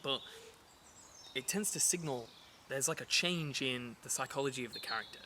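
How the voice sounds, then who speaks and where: A man teaching verse in a relaxed, conversational way, at an ordinary pitch. He often pauses to fill gaps and rephrase. The recording has a clear layer of background noise with birds and insects. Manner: relaxed and chatty, with frequent fillers and restarts. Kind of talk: casual explanatory lesson.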